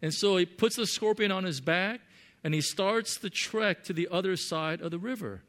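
A man's voice: high-pitched, moderate pace, fairly bright tone. A man preaching a sermon to his congregation, earnest, often repeating words as he searches for phrasing. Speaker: pastor.

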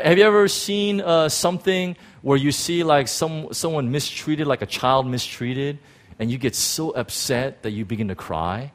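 A man preaching a sermon in an animated, rambling way, with self-deprecating asides, speaking to a church congregation. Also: medium pitch. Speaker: pastor.

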